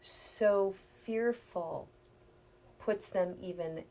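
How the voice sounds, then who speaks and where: A middle-aged woman, a healer, explaining things calmly in a conversational interview, sometimes dropping to a near-whisper. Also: mid-range voice, drawn-out words.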